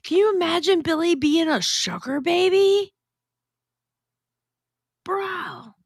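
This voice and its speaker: A woman's voice: extremely high pitch, slow pace, no room sound, studio quality. A woman hosting a casual livestream, reading chat messages aloud and chatting in a blunt, profane, gossipy way.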